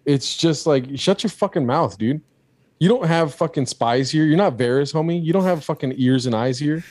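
A man's voice: on the high side, moderate pace, darkish tone, dry recording. A man from California, a podcast host, chatting casually over a call and ranting with heavy profanity.

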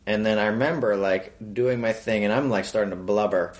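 A man's voice: lowish voice, fairly quick. A man co-hosting a podcast, joking through casual comedic chat with crude banter. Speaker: podcast co-host.

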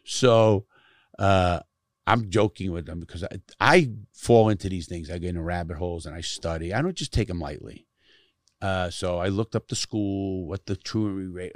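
A man's voice: low-pitched, animated, moderate pace, no room sound, clean studio sound. A middle-aged man telling stories from his life in casual conversation, blunt and emphatic, cursing often to stress his points. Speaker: guest, former prisoner who speaks to youth.

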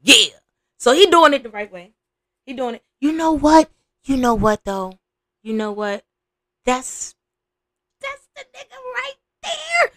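Woman, young adult, podcast host, blunt and profane, animated, slightly high pitch, dry close sound. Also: unhurried, pauses often, no room sound. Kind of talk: casual reaction commentary.

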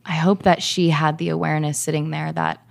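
Low gravelly woman, heartfelt. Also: level tone, fairly quick. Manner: warm, searching, many "like" fillers. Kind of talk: heartfelt casual conversation.

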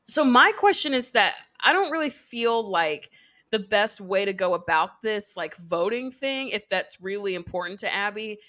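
A woman's voice: medium pitch, animated, normal speed, a bit bright. A woman hosting a casual podcast, chattily recapping scenes and swearing freely. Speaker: podcast host. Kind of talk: casual chat.

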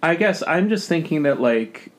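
A man's voice: fairly high pitch, sing-song, normal speed. A man as a podcast guest in casual chat, opinionated and often restarting his sentences.

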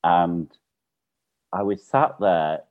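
A British man telling a lively anecdote in casual chat, laughing as he goes. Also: sits low, very slow. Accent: British English. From Britain. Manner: chatty storyteller, laughs often. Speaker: guest. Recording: phone-like narrow sound.

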